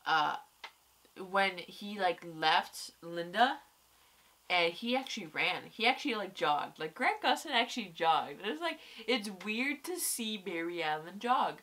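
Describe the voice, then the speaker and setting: With slight background noise behind her, a young woman reviews a TV episode in casual chat, her mid-range voice a little slow. She rambles excitedly, swears a lot, and sounds tired and congested from crying.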